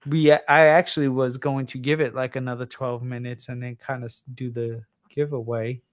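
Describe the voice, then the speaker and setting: It's three a.m., and this New York–accented man hosting a livestream sounds worn out. His voice sits in the mid-range with a level tone and moderate pace, and his casual talk wanders, full of fillers and false starts.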